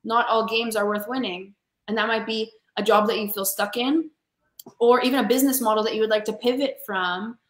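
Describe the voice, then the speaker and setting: Woman, motivational coach, emphatic, fairly high pitch, echoey room. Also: steady tone, fairly quick. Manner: passionate, emphatic, calls listeners honey. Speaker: sales coach for women, guest. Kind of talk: motivational interview talk.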